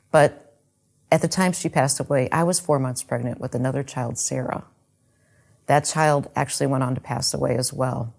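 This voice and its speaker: A woman's voice: very deep voice, a little mellow. A middle-aged woman telling her faith testimony in an earnest, heartfelt storytelling way. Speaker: speaker giving a faith testimony.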